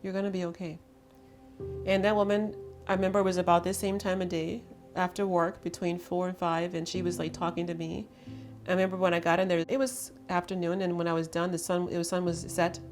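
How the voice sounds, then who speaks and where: A woman's voice: fairly low pitch, level tone, brisk, a little mellow, soft background music. A woman hosting an intimate conversation, telling her story in an earnest, emphatic way. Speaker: host.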